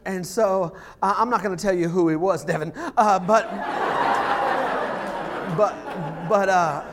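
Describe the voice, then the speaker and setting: A middle-aged male pastor preaching a sermon in a church service, telling stories with restarts and swinging between loud, excited bursts and quiet, earnest emphasis. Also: sits high, a little slow.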